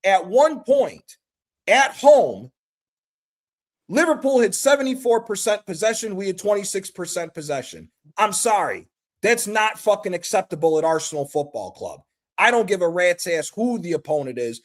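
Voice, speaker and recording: A man's voice: sits high, expressive, brisk. An American man calling in to a live talk show, ranting with passion and plenty of swearing. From United States. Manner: passionate, profane, emphatic. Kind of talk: heated call-in rant.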